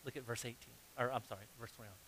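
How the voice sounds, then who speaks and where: A man's voice: medium pitch, steady tone, quick pace, fairly bright tone. A man preaching a sermon as pastor, reading scripture aloud and acting out the story with humor. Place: church sanctuary.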